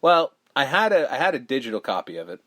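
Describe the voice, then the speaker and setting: A man's voice: mid-range voice, very animated, quick pace, fairly bright tone. Profane, rambling podcast host, man. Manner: profane, rambling, acts out quotes. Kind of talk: casual movie-review chat.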